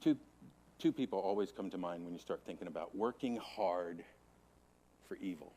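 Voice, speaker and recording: A man teaching Sunday school, preaching with a repetitive, emphatic cadence and dramatic swings from hushed to loud. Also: low voice, normal speed. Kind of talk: Bible teaching to a congregation.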